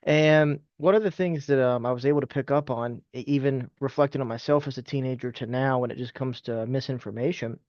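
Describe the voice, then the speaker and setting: A man's voice: medium pitch, fairly quick, few pauses, a little mellow, no room sound. A man who teaches civics, co-hosting a podcast and explaining points in an earnest, teacherly way. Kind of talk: casual discussion. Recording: slightly dull lo-fi audio.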